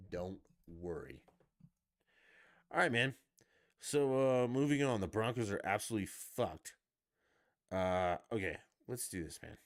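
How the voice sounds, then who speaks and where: A man's voice: low-pitched, no room sound, clean studio sound. A man on a live stream, ranting heatedly with heavy profanity about his sports team. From Denver.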